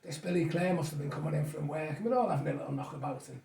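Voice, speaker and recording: A man's voice: on the high side, rapid-fire, creaky, mellow, far from the mic. A man, a guest reminiscing in rambling, chuckling stories. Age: 60s. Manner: rambling storyteller, chuckles often. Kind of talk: casual reminiscing chat. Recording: echoey room, off mic.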